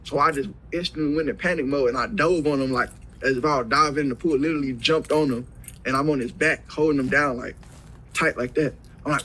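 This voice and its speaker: A man's voice: fairly high pitch, steady tone, quick pace, pushed and bright, a little hiss or hum, poor audio. A young man retelling a story in profane slang and acting out the lines people said. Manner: profane slang-heavy retelling, acts out quoted dialogue. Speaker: interview guest. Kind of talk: casual storytelling.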